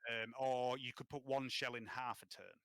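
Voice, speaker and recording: A man's voice: medium pitch, steady tone, moderate pace, a bit bright, clean tone, no room sound. A man casually running a tabletop role-playing game, hesitant with many ums and given to swearing. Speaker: game master.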